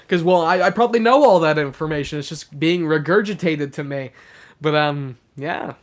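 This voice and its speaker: Chatty young man, slightly high voice. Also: moderate pace. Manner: rambling, filler-heavy, talks to chat. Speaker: livestream host. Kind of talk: casual livestream chat reading chat.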